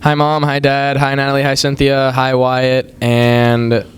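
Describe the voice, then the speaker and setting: A young man in his late teens, a graduating student, speaking casually and low-key. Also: completely flat delivery, unhurried, clean tone.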